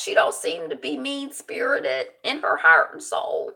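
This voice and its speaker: A woman chatting casually as she recaps a TV episode, animated and digressive, laughing as she goes. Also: on the high side, normal speed, creaky, few pauses. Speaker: TV recap host.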